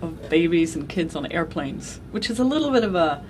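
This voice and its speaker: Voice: mid-range voice, expressive, brisk, a little hiss or hum. An interviewer asking short questions and giving brief listening responses.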